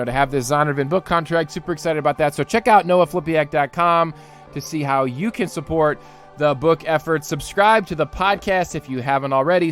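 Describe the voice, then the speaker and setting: A man hosting a podcast, giving an animated, joking rant and laughing often as he talks. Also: fairly high pitch. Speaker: podcast host and pastor.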